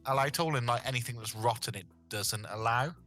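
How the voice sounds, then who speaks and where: A man with an English accent, chatting casually on a gaming call and explaining things in a relaxed way. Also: mid-range voice, fairly quick, faint music behind. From Britain. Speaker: co-player on call. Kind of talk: casual chat.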